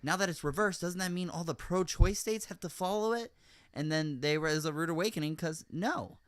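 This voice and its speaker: A man hosting a podcast, recounting events in casual chat, rambling with many fillers and getting animated when he rants. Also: a little high, a little fast, clear, resonant tone, no room sound, studio quality. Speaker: podcast host.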